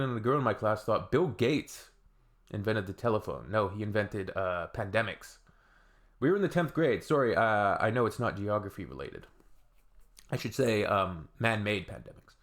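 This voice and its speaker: A man from Canada hosting a reaction video, reading comments aloud with wry, sarcastic asides. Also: medium pitch.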